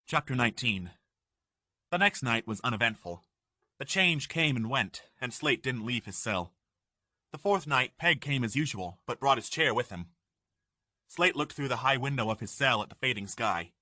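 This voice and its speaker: Bright-voiced man narrating an audiobook. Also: mid-range voice, lively intonation, no room sound, studio quality. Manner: measured storytelling. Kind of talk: scripted narration.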